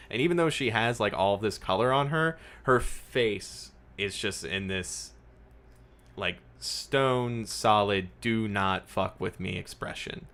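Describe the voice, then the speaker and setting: Male game master, bright lowish voice, loose filler-heavy narration.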